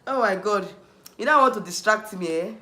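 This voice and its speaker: A man with a Nigerian accent rants on a livestream, hammering the same points and breaking off to answer chat. His voice sits high and sounds bright and forceful. The room around him rings with a noticeable echo. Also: animated, moderate pace, a little hiss or hum. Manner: heated, repetitive, restarts often, answers chat. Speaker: YouTube livestream host. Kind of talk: ranting livestream commentary.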